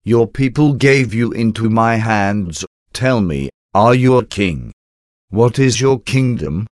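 Man reading a wavering Roman governor, low voice, slow, dry devotional reading. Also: animated, a little mellow, no echo. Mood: questioning.

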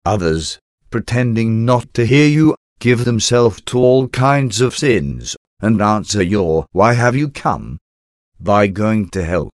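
Low-voiced man reading a reverent prayer. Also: expressive, no echo, studio quality. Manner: measured, reverent reading in short phrases. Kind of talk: reading a devotional prayer aloud.

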